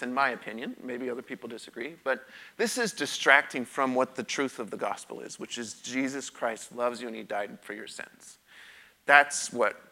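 A man's voice: medium pitch, unhurried, pushed and bright. A middle-aged man preaching a sermon, telling his own story in a candid, conversational way with emphatic repetition. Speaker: pastor. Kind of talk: sermon with personal testimony.

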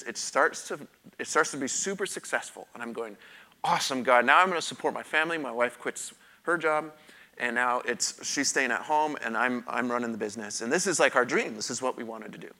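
Middle-aged male pastor, bright forceful voice, candid preaching with repeated emphatic phrases. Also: mid-range voice, brisk. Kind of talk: sermon with personal testimony.

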